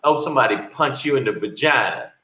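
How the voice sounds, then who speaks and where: A man's voice: mid-range voice, fast talker, roomy sound, slight background noise, poor audio. A man, a comedian guest, telling stories in a casual interview, blunt and profane. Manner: blunt, profane, animated storyteller.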